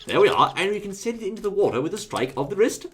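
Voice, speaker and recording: A man giving comedic game commentary in an exaggerated mock-posh gentleman manner. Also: high voice, sing-song, quick pace, slight background noise. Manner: hammy mock-posh gentleman, "old chap" and "I say". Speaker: gameplay commentator.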